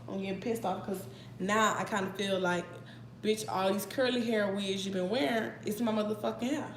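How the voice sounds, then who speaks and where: A woman's voice: medium pitch, a little hiss or hum. Blunt, profane young woman venting. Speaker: vlogger. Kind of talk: casual storytime vlog. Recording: echoey room with faint ambience.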